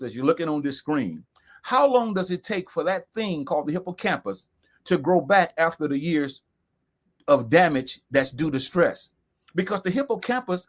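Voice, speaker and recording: An emphatic man in co-hosts a serious talk, voice pitched high. He drives points home by repeating key phrases slowly. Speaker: co-host. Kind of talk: earnest discussion.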